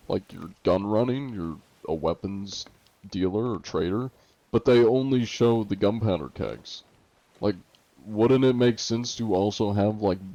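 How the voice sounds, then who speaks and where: A male game streamer with a very low, gravelly voice, chatting in a relaxed, joking way. His tone is mellow and dark. The sound is close and dry but dull, like lo-fi stream audio. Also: dry recording. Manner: laid-back, joking, reacts to chat. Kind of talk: casual live stream chat.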